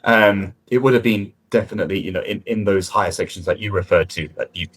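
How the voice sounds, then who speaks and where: A man giving spoken feedback on a mock speaking test, encouraging and conversational, often pausing and restarting his sentences. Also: low-pitched, fairly bright tone, rough recording.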